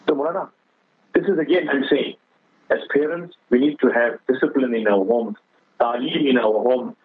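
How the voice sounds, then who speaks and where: A man's voice: mid-range voice, normal speed, pauses often, husky, dry recording. A man giving an earnest religious talk on a radio show, urging listeners and telling a moral story. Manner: earnest, exhorting, addresses the other speaker as Maulana; tells a moral story with quoted dialogue. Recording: phone line on radio.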